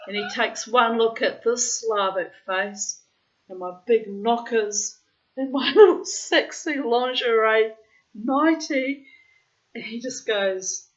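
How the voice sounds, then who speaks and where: A middle-aged woman with a frank, profane manner, reading from her diary and chatting casually between entries. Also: medium pitch. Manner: frank and profane, breaks into loud laughter. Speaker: diarist reading her journal aloud. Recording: dull, lo-fi sound.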